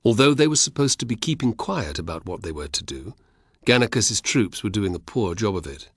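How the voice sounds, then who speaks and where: Male narrator, lowish husky voice, lively intonation, close dry studio sound. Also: a little fast, no room sound. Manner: expressive storytelling. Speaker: audiobook narrator. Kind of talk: scripted narration.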